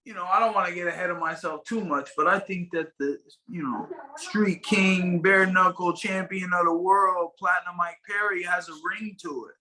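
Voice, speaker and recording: A man's voice: sits high, steady tone, normal speed, hardly any pauses, sharp tone, poor audio. A man being interviewed as a fighter guest, talking casually and rambling with many fillers and restarts over a video call.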